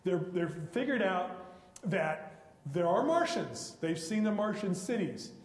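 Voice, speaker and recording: A man's voice: high voice, animated, a little slow. A man giving a public lecture on literature in a college auditorium, telling the stories with animation and acting out the characters' lines. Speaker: guest lecturer. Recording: echoey hall with long reverb.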